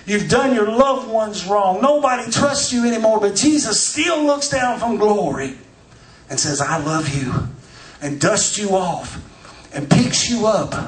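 A man preaches in a high voice, swinging from soft asides to loud shouted declarations. He sounds as if he is recorded from a distance in a reverberant church. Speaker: pastor. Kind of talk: sermon. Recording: echoey church from far off.

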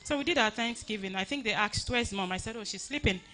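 Earnest woman telling a halting story. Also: mid-range voice, bright, forceful tone. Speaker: daughter giving a funeral tribute. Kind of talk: personal tribute speech. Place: church funeral service.

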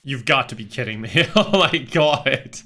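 A young Irish man talks over a farming game in a sardonic, self-mocking way and laughs between his lines. His tone is bright and forceful. Game music plays faintly behind him. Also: mid-range voice, animated, moderate pace. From Ireland. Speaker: gaming YouTuber. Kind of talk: let's play commentary.

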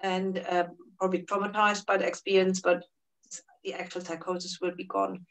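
A woman, a Buddhist therapist and teacher, answering interview questions in a calm, explanatory way, sometimes dropping very soft. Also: fairly low pitch, normal speed, vocal fry, distant mic, poor audio.

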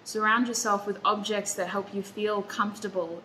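Bright-voiced emotional woman tarot reader. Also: mid-range voice, steady tone, normal speed, a little hiss or hum, rough recording. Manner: warm, emotional and reassuring, near tears. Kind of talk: pick-a-card tarot reading.

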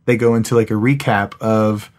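Hombre charlatán que se ríe a menudo. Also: male voice, fairly low pitch, normal speed. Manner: excitable, laughing, rambling. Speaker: podcast co-host. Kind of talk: casual chat.

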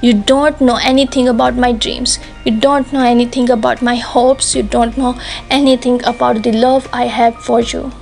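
A woman voicing a pregnant young woman who pleads with her lover, in an earnest, repetitive, even delivery, with music behind. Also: a little high, moderate pace, vocal fry. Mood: pleading. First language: not English.

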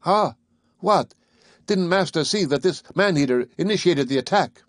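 A man voicing an excitable, devoted male manservant who speaks formally to his master, in a storybook reading. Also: fairly high pitch, normal speed, no echo, studio quality, pitched above the performer's own voice, close to an everyday voice. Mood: indignant.

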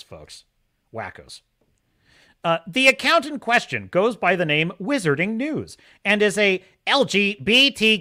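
A man hosts a casual livestream and talks in a sharp, bright tone. He is opinionated and emphatic, and he often says things twice for stress. His high voice swoops up and down all the time. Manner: opinionated, emphatic, repeats himself. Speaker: host of a streaming show.

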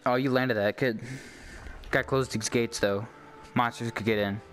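A young man giving let's-play commentary on a game he has waited for, excitable and cheering on his character. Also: medium pitch, normal speed, faint music behind. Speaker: YouTube gamer.

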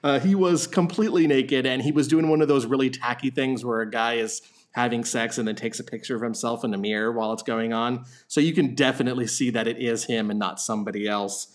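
A man's voice: medium pitch, fairly even intonation, a little fast, hardly any pauses. Wry joking podcast host, man. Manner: wry storyteller, laughs often. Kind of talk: casual comedic chat.

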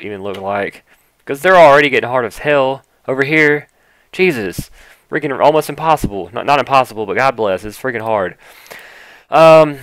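A man giving casual, excitable commentary on a video game as its gaming YouTuber, exclaiming and mocking what he sees on screen. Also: mid-range voice, clear, resonant tone, no room sound. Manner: excitable and exclamatory, quick to mock and laugh.

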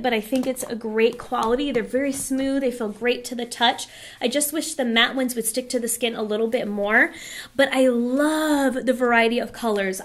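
A woman beauty vlogger chatting through a product review in a hoarse voice, enthusiastic and chatty. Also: high-pitched. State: hoarse, losing her voice.

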